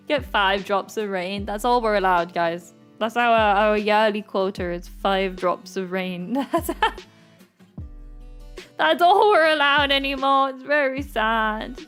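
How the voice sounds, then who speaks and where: A woman's voice: mid-range voice, slow, a bit bright, clean tone. A young woman, chatting casually with her stream viewers and laughing often between lines. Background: faint music.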